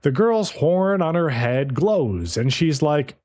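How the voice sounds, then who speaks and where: A man's voice: a little high, slow pace. A man co-hosting a podcast, casually recapping an anime episode with profanity and playful character impressions. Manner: animated, profane storyteller, playfully mimics characters. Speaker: podcast co-host.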